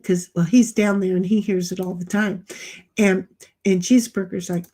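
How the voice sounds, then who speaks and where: A woman's voice: medium pitch, steady tone, normal speed, mellow. A woman co-hosting a live game night who talks through her card moves, recaps the chat and laughs a lot. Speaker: livestream co-host. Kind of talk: casual chat while playing a card game.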